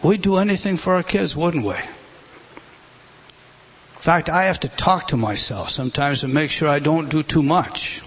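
A man's voice: fairly high pitch, moderate pace, long pauses, fairly bright tone, slightly rough. A middle-aged man preaching a sermon, emphatic, with rhetorical questions. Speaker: pastor.

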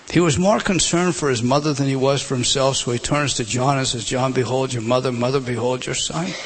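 Guy preaching a sermon, goes quiet and whispery for effect, bit of hiss behind. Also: mid-range voice, poor audio. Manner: dramatic drops to a hushed whisper.

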